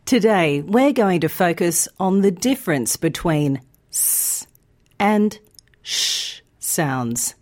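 A woman teaching pronunciation in a scripted podcast, speaking slowly and carefully articulating each sound. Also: lowish voice, animated, darkish tone. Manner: slow, clear, carefully articulated. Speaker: pronunciation teacher and news presenter. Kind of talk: scripted educational podcast narration.

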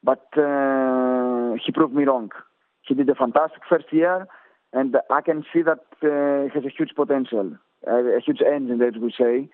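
A man's voice: medium pitch, steady tone, normal speed, no room sound. A man with a Greek accent, a cycling coach answering interview questions, hesitant with many fillers and restarts. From Greece. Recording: tinny phone-like line.

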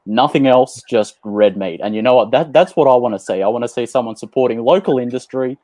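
A man on a sports panel, telling jokes in a dry, deadpan way. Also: medium pitch, a little fast, no room sound. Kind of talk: casual panel chat.

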